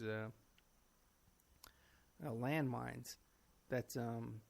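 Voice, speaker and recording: A man's voice: medium pitch, measured pace, vocal fry, pauses often, darkish tone. A man who is a guest in a casual conversation, agreeing often and laying out details with hesitant fillers.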